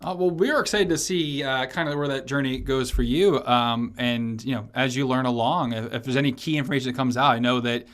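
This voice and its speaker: A man's voice: mid-range voice, fairly even intonation, a little fast, hardly any pauses, a bit bright. A man hosting a business podcast, talking loosely with many fillers and restarts. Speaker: podcast host. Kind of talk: casual podcast interview.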